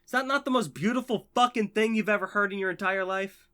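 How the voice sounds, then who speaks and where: A man ranting passionately on his own channel, heavily profane and swinging between biting sarcasm and loud, excited enthusiasm. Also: sits high, fast talker, clean tone. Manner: profane, heated, swings from sarcasm to shouting joy. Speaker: channel host. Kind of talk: impassioned ranting vlog.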